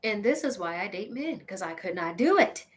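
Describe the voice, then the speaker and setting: A woman's voice: medium pitch, moderate pace. A woman hosting a show and delivering a casual, sassy comedic rant straight to her listeners, laughing often along the way. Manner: sassy, petty, animated ranting. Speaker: podcast host.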